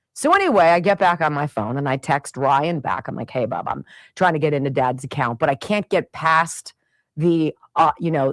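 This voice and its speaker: A middle-aged woman hosts a radio show, spinning a family story in a low-pitched voice that swings widely up and down. She talks in an exasperated, animated way and acts out the other people's lines. The sound is close and dry. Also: no room sound. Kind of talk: storytelling monologue.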